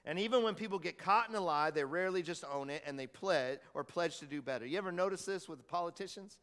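A pastor delivers a loose, conversational sermon, often checking in with his congregation through questions. His voice sits high for a man, a bit bright, and he talks fast. The long reverb of a church hall surrounds the sound.

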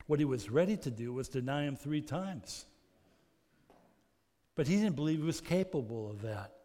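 A man preaching a sermon as pastor, earnest, moving between loud emphasis and soft, intimate passages. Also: fairly high pitch, expressive, moderate pace. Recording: long reverb of a large hall.

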